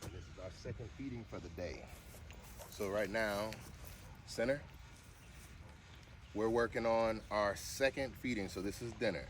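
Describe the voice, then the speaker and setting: A man's voice: measured pace, long pauses, slight background noise. A man filming a casual vlog while training his service dog, mixing firm short commands with chatty explanations. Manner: firm short commands, with high sing-song cues.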